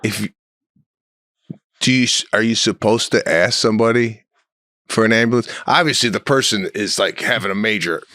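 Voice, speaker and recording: A middle-aged man co-hosting a comedy podcast, telling stories in a deadpan way and firing off incredulous questions. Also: lowish voice, normal speed, long pauses, dry recording, clean studio sound. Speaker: podcast co-host. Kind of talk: casual comedic chat.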